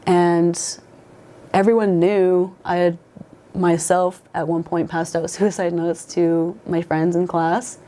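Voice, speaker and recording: A young woman with a low, warm, mellow voice recounts her own past in a relaxed conversation. She talks emotionally, with plenty of "like" fillers and stumbling restarts. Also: slow. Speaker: guest sharing her life story. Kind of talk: casual conversational storytelling.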